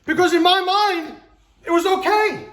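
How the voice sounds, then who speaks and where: Unhurried and fairly even in intonation, a man in his forties gives an emphatic motivational talk, acting out small scenes where his pitch climbs and he shouts. The sound is roomy and the audio poor.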